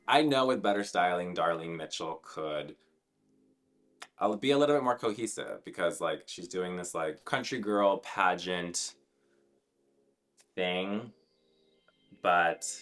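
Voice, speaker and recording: A man's voice: low voice, a bit bright. A drag queen, a man, giving blunt, sassy and profane commentary on runway looks in a chatty, filler-heavy way.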